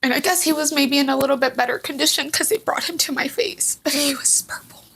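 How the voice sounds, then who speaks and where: Candid woman with a gravelly, bright voice. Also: high voice, fast. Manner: candid, emotional, rambling with fillers. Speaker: podcast guest. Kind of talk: personal storytelling in a podcast interview.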